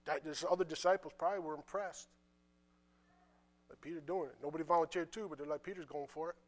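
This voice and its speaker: A man preaching a sermon, reading scripture and retelling it in casual, conversational dialogue, with quiet asides in between. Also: fairly high pitch, fast. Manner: animated, drops to quiet asides.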